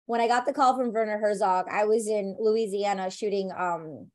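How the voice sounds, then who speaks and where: Animated woman telling stories. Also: mid-range voice, moderate pace. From United States. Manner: animated storyteller, many fillers like "like" and "you know". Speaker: actor, interview guest. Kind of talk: casual interview chat.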